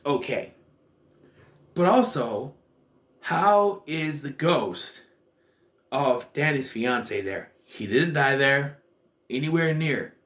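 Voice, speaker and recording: A man's voice: mid-range voice, lively intonation, slow pace, pauses often, a bit bright. Man rambling through a show review. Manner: rambling, thinking aloud with frequent restarts. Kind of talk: casual spoken review.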